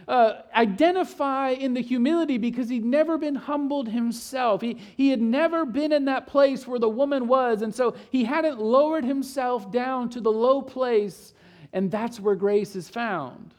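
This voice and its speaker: Male pastor, sermon delivery, higher-pitched voice, moves between loud emphasis and near-quiet lows. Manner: retells scripture, voicing quotes, swings from loud to hushed.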